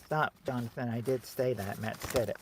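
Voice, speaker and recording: A man hosts a family game show game on a livestream, casually reading out viewers' guesses from chat. He's jokey and teasing, loudly calling out the answers and repeating them. His voice is medium-pitched at a moderate pace, with a little hiss or hum in the audio.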